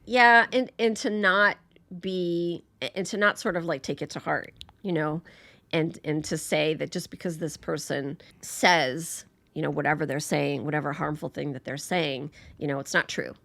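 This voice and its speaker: A woman with a fairly low voice chats casually as a podcast guest. She laughs often and restarts her sentences mid-thought. The sound is close and dry. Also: steady tone, moderate pace, creaky, fairly bright tone, no echo. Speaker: podcast guest, patient advocate. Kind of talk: casual conversation.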